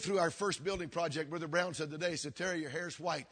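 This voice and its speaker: An older man, a pastor, telling a story in a sermon with earnest, repeating phrases that sink low and quiet. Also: fairly even intonation, quick pace, hardly any pauses, slightly rough. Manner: earnest, repetitive preaching cadence that drops low and quiet.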